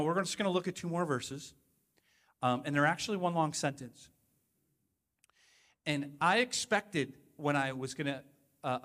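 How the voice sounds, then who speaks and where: High, bright-voiced pastor preaching in a hall. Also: male voice. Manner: conversational, emphatic, uses rhetorical asides. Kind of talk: sermon.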